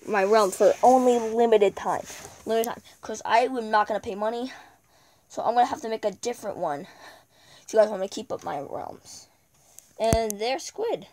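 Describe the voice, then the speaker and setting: Speaking at a fairly high pitch and normal speed with a darkish tone, a woman gives casual commentary as she plays a game. She's chatty, talking to herself throughout her gameplay video.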